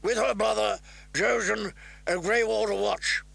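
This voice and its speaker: A man voicing a rotund guardsman who loudly announces guests at a feast. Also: high voice, fairly even intonation, unhurried, creaky, breathy edge, no echo, voice pushed up, exaggerated voice. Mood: announcing. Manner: loud announcing call.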